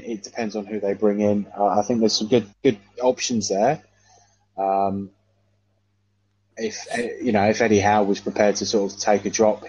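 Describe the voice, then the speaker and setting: A man in casual football chat, hesitant and measured, often repeating himself. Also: lowish voice, a little mellow, slightly rough, no room sound. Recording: dull dry lo-fi sound.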